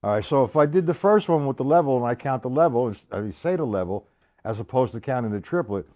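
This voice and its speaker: Man counting aloud over loud drumming. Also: medium pitch, sing-song, quick pace, loud music behind the voice. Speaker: drum teacher. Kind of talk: live-streamed drum lesson. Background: snare drum playing.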